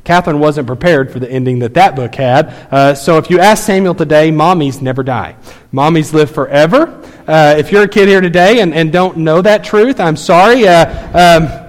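In a church sanctuary with long, echoing hall reverb, a pastor in his thirties shares a family story during his sermon, speaking casually and using many fillers. His voice is a little high and his pace moderate.

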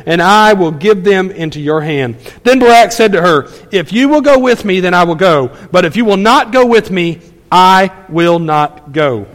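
A pastor with a high voice preaching to his congregation. He is animated and acts out quick asides as he goes. The sound rings with the long echo of a large hall. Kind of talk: sermon.

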